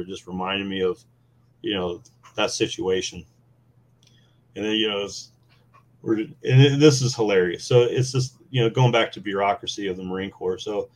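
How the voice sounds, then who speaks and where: Lowish-voiced man telling war stories. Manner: animated, laughing, many fillers. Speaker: podcast guest, former Marine. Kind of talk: casual storytelling.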